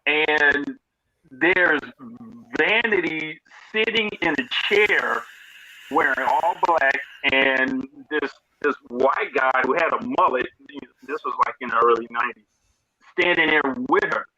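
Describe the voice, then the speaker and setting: Bright, lively man telling a story. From Northern California. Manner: animated, profane, jumps high when acting out quotes. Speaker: host. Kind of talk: casual storytelling on internet radio. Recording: lo-fi internet radio.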